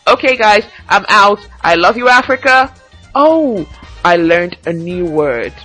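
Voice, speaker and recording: A woman hosts a casual solo podcast, chatting and reading fan tweets aloud. Her voice is bright and forceful, and she talks in a lively way and laughs often. Faint music plays quietly behind her. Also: mid-range voice, measured pace, poor audio. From Nigeria. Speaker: podcast host.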